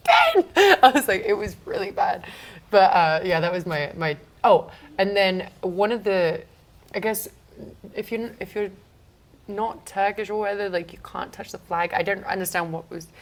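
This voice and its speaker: A young woman, a guest telling a story in a casual interview, animated and full of fillers. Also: mid-range voice. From England. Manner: animated, lots of fillers and quoted asides. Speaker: guest, wrestler.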